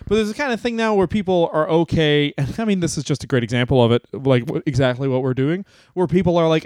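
Man, comedy podcast co-host, casual and crude, slightly higher voice, dry studio mic. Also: darkish tone, no echo. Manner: rambling, crude, laughs often.

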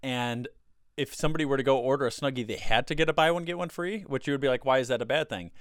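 A man's voice: mid-range voice, dry recording, studio quality. A man hosting a casual podcast chat, rambling and easygoing, with a co-host calling in by phone. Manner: rambling, easygoing, quick to laugh. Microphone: computer mic, with a co-host on a phone call.

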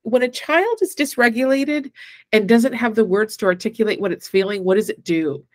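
A woman co-hosting a casual spiritual chat, animated, with many filler words and acted-out quotes. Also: on the high side, normal speed, no room sound. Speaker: podcast co-host.

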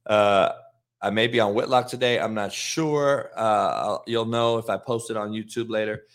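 A middle-aged man hosting his show, telling a profane, animated story in a casual monologue. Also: lowish voice, moderate pace. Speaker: host.

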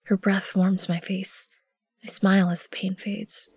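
A woman narrating an audio drama in the first person, measured and often hushed. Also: medium pitch, flat delivery, slightly rough, no room sound, clean studio sound. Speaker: narrator and lead character.

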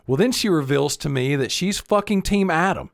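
A man's voice: on the high side, moderate pace, vocal fry. A middle-aged man co-hosting a podcast, telling stories in casual, profane chat. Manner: animated storyteller, swears freely. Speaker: podcast co-host.

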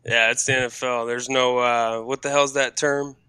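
A man's voice: medium pitch, little pitch movement, moderate pace, bright, forceful tone, smooth, no room sound. A man filling in as co-host on a casual sports podcast, laid-back and blunt with some swearing.

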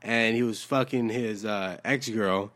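A man's voice: fairly low pitch, unhurried, fairly bright tone. A man in casual conversation, laid-back and profane, chiming in with short reactions and asides. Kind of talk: casual chat.

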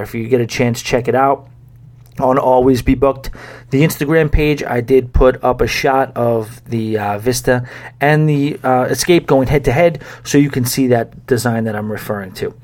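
A man's voice: mid-range voice, darkish tone. A man hosting a podcast, talking casually and rambling, now and then getting fired up in mock rants. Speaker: podcast host. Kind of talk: casual solo podcast talk.

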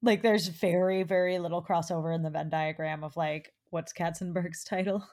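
A woman's voice: lowish voice, fairly even intonation, moderate pace, a little mellow. A woman co-hosting a podcast in casual chat, thinking aloud and asking questions. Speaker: podcast co-host.

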